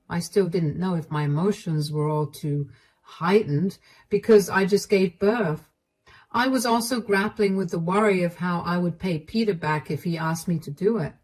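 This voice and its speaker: Earnest woman narrating a story. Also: mid-range voice. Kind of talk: first-person story narration.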